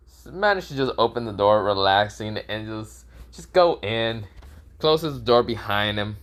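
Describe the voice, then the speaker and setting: A young man improvising a fan story, rambling and correcting himself, swearing casually. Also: lowish voice.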